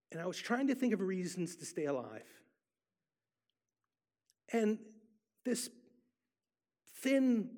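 A man preaching a sermon, telling a personal story with emphatic repetition. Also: high-pitched. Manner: emphatic storyteller, repeats for effect.

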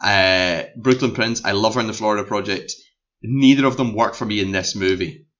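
A man's voice: on the low side, moderate pace, highs cut off. A man with a Scottish accent, chatting casually about a film he watched, animatedly acting out the scenes and the movie's reactions. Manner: animated, acts out scenes and the movie as talking characters. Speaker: film podcast co-host. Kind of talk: casual film review chat.

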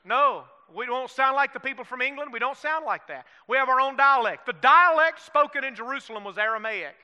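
Man, Southern accent, pastor preaching, smooth resonant voice, long church reverb. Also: very high voice, brisk, dull audio. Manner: folksy, calls for amens, asks the room questions. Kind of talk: sermon. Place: church sanctuary.

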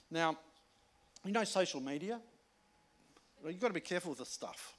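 Male pastor, slightly high voice, conversational sermon style, emphatic then hushed. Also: expressive, quick pace.

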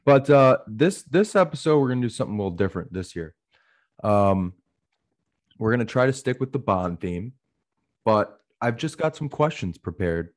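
A man's voice: mid-range voice, big pitch swings, moderate pace. A man co-hosting a podcast in casual chat, rambling with many fillers and acting out the voices he quotes. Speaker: podcast co-host.

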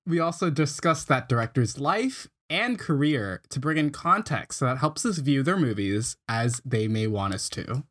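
A man's voice: medium pitch, sing-song, normal speed, hardly any pauses, fairly bright tone. A man co-hosting a film podcast in casual chat, introducing the episode. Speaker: podcast co-host.

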